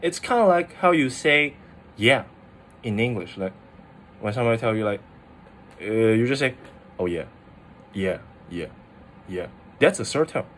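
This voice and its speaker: A man's voice: medium pitch, expressive, normal speed, pauses often, a bit bright, slight background noise. A man, a Mandarin speaker, casually explaining language tones, with many "like" fillers and restarts. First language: Mandarin Chinese. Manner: chatty, full of "like" fillers and restarts. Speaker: language teacher.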